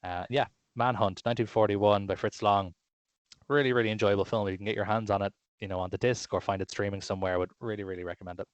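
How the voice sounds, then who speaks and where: Man, casual film podcast chat, lowish voice, dry close sound, lots of ums and restarts. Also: fairly even intonation, fast talker, no room sound. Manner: rambling, enthusiastic, many fillers and restarts. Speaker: podcast co-host.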